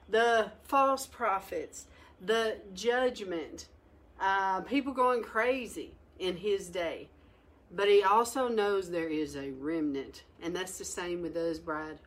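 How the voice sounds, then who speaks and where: Emphatic woman teaching the Bible. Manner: emphatic, exhorting, with sharp rises in pitch.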